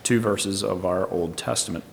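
A man's voice: sits low, normal speed, creaky, slight background noise. A man preaching a Bible teaching sermon, explaining verse by verse in a thoughtful, tentative way. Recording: long reverb.

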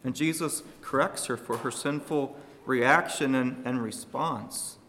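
A man preaching a sermon to his congregation, speaking emphatically and shifting his loudness for emphasis. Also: medium pitch, unhurried, big-room sound, slight background noise.

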